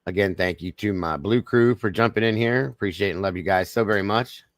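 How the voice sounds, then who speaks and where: A man with a Southern American drawl hosts a casual livestream and greets his chat by name in a folksy, easygoing way. His voice sits low, and the sound is dry and close to the mic with no room echo. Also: a little fast. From Southern United States. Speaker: livestream host.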